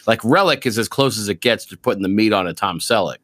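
A man co-hosting a podcast, chatting casually about movies, animated and profane, with loose rambling restarts. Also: fairly low pitch, fast talker, background noise. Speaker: podcast co-host.

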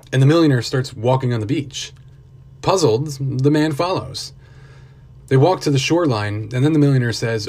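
A man's voice: mid-range voice, moderate pace, darkish tone. A man narrating a motivational story earnestly, with building intensity.

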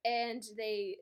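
Rambling woman recapping a story, slightly high. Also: smooth. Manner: rambling, laughs often. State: tipsy, slurring a little. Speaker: podcast co-host.

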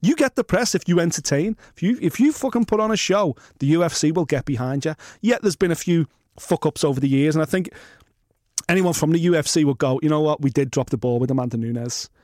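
A sports podcast co-host talks casually and bluntly, swearing freely and ranting with mock quotes. His voice sits on the high side, expressive and a little fast, with a darkish tone. The recording is dry and studio quality.

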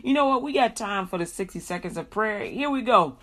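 A woman hosts a Christian radio show. She stretches out slow, heartfelt prayers, then slips into easy, chatty talk with plenty of laughter. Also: mid-range voice, lively intonation. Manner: chatty, laughs often, drawn-out prayer phrases.

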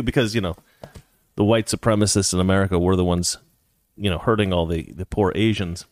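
A man's voice: lowish voice, fairly even intonation, a little fast, no echo, studio quality. A man hosting a casual livestream commentary show, talking in a sarcastic, ranting way. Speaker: host.

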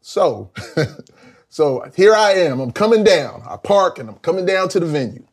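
Animated storytelling middle-aged man. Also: unhurried, husky. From South Carolina, US. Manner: animated storyteller, acts out quotes with big pitch jumps. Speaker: guest, former band vocalist. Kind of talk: casual interview storytelling.

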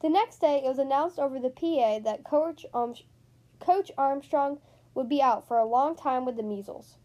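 A woman reading a children's picture book aloud with expressive, animated storytelling. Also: high voice, normal speed, lo-fi sound. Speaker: storybook reader.

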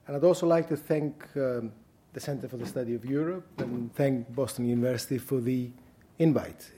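Greek-accented man lecturing, mellow voice. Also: mid-range voice. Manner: measured, deliberate, frequent ums. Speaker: guest lecturer. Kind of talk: academic lecture. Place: university lecture hall.

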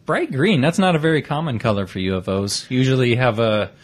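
A man's voice: medium pitch, lively intonation, fairly quick. A man in his thirties hosting a podcast, upbeat, leading the show in casual chat. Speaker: podcast host.

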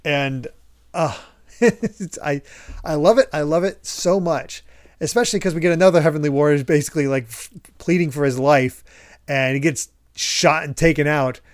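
A man hosts a casual podcast chat, retelling scenes with animated energy and frequent laughter. His voice sits a little high. The sound is dry and close, with no room around it. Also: normal speed, no echo. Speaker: podcast host.

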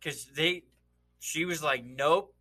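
A man's voice: a little high, normal speed, pushed and bright. A man telling crude, laughing stories in casual chat, often swearing and acting out what other people said. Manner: profane, laughing storytelling; acts out quoted voices.

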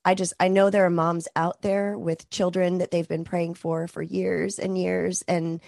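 Woman host, gentle and encouraging, dry close sound, even delivery. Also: fairly low pitch, unhurried, creaky, dry recording. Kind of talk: faith podcast interview.

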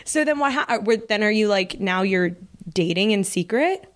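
A woman hosting a podcast interview, reacting warmly with short remarks and laughs. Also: medium pitch, lively intonation, normal speed. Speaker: podcast host. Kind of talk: casual interview.

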